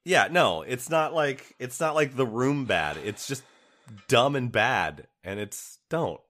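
A man's voice: mid-range voice, expressive, slow, a bit bright. A man co-hosting a podcast from home, rambling, laughing often and trailing off mid-sentence. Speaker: podcast co-host. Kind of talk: casual chat. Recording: remote recording from home.

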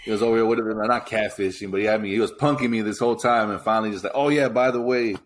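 Podcast co-host, male, 30s, West Coast Chicano accent, relaxed storyteller who laughs often, slightly low voice. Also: very fast. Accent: West Coast Chicano English. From California. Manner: laid-back, laughs often while telling stories. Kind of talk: casual chat.

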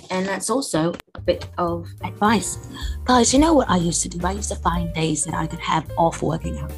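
A woman hosting a podcast in casual, rambling chat, full of fillers and asides. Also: lowish voice. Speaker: podcast host.

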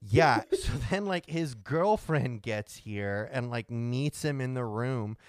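A man co-hosting a podcast tells an anecdote in casual chat, laid-back and acting out the quotes. His mid-range voice is animated yet slow and smooth, recorded in studio quality with no echo.

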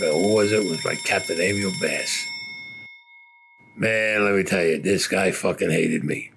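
An older Brooklyn, New York man speaks in a low voice at a moderate pace, with vocal fry and background noise. As an interviewee, he bluntly tells profane stories about his past, swearing constantly and acting out the quoted dialogue.

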